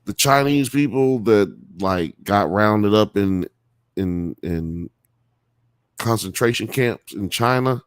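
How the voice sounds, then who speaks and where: A man's voice: lowish voice, slow pace, clean tone, dry recording, studio quality. A man hosting a live podcast, reading chat comments aloud in a rambling, profane way and laughing often. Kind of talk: casual live-stream chat.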